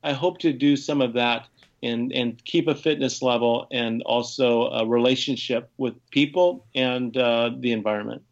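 A man from the United States tells his running stories on a podcast, wandering through them with restarts and small laughs. His voice sits at an ordinary middle pitch for a man. The sound is a bit dull and lo-fi. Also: fairly even intonation, normal speed. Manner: rambling storyteller with frequent restarts and laughs. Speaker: podcast guest, ultrarunner. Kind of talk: casual conversation.

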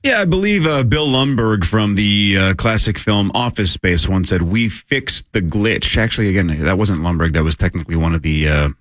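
A man's voice: fairly low pitch, a little fast, hardly any pauses, no echo. A man hosting a radio show, chatting casually and joking with his co-hosts. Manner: animated, jokey, bursts into put-on voices. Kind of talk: casual studio banter.

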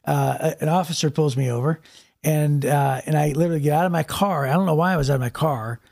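Gravelly-voiced man telling a story. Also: on the high side, quick pace. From Ohio. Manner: animated, frequent repeated words and restarts. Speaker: pastor and podcast co-host. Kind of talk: casual storytelling chat.

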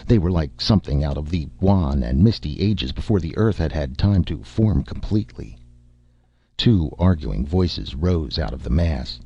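A man reading a story aloud in measured, expressive narration, in a dull lo-fi recording. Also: extremely low pitch, gravelly, husky, dry recording. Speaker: audiobook narrator. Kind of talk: scripted narration.

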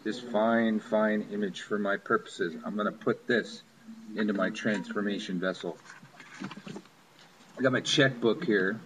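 This man has a lowish voice and a measured pace, and crowd noise and steady background sound mar the low-quality recording. Wry and casual, he swears now and then as he walks through a money spell he's doing on camera.

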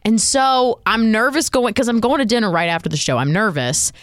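A woman co-hosting a radio show, chatty and expressive, laughing often. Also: fairly high pitch, brisk, dry recording, studio quality. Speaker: radio co-host. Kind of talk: casual radio banter.

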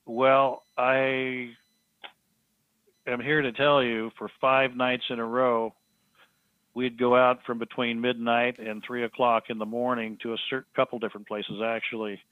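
A man telling a story as a podcast guest, halting with frequent restarts and fillers. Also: mid-range voice, little pitch movement, smooth, no room sound. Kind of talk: storytelling in casual conversation. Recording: tinny phone-line sound, dry.

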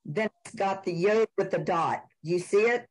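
A woman's voice: medium pitch, normal speed, rough recording. A woman student hesitantly asking her teacher a question, searching for her words.

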